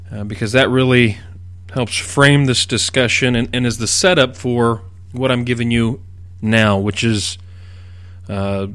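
A middle-aged man hosting a radio Bible teaching program, explaining at a measured pace and leaning hard on key words. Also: mid-range voice, a bit bright, no echo. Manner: measured, explanatory delivery with emphatic stresses.

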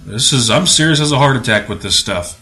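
A man's voice: medium pitch, animated, brisk, sharp tone. A man hosting a religious commentary podcast, with a sarcastic, preachy, emphatic and indignant delivery. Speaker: podcast host.

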